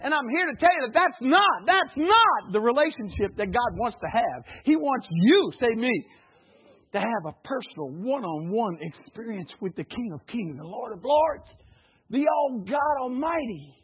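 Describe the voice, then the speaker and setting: High husky-voiced man preaching. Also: very animated, normal speed. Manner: call-and-response preaching, swings between loud and hushed. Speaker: pastor. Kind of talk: sermon. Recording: tinny phone-like recording.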